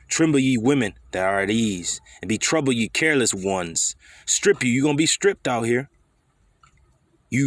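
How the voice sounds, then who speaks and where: Male preacher, mid-pitched, dry close sound; confrontational, profane, slangy scripture sermon. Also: no echo.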